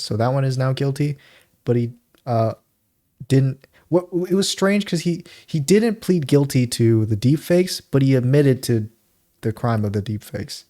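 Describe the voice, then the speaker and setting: A man talks in a mellow, darker tone as he co-hosts a casual podcast. He rambles through a story and keeps breaking into little acted-out quotes. His pitch sits in an ordinary middle range. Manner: rambling, laughs often, acts out quotes. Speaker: podcast co-host. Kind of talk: casual chat.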